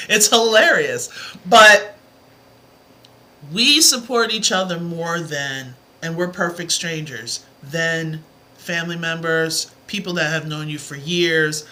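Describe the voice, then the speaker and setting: A woman's voice: low-pitched, sharp tone, a little hiss or hum. A woman math tutor on a live stream, talking earnestly and encouragingly to her viewers, rambling from one point to the next. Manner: rambling, with many asides. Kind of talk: motivational livestream talk.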